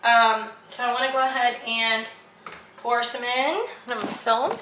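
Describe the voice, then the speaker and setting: A woman's voice: on the high side, steady tone, normal speed, sharp tone, a little hiss or hum, poor audio. A woman chatting casually as she talks viewers through a demonstration, step by step. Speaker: vlogger.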